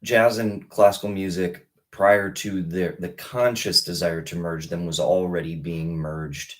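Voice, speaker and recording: A man in his thirties talking casually on a live stream, rambling with many halting restarts. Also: deep voice, little pitch movement. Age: 30s. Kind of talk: casual livestream talk.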